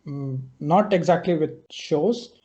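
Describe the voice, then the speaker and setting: A man's voice: fairly high pitch, slow, warm tone. A man, hosting a podcast chat, hesitant and full of fillers and repeats. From India. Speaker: podcast host. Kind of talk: casual chat. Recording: dull, lo-fi sound.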